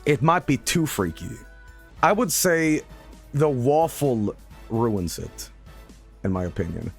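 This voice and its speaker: Guy streaming a game, very animated voice, over the top rants and swearing, faint music behind. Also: mid-range voice, slow pace, creaky. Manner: animated, hyperbolic, swears and shouts at losses; mock-announcer flourishes. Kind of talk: casual gameplay commentary.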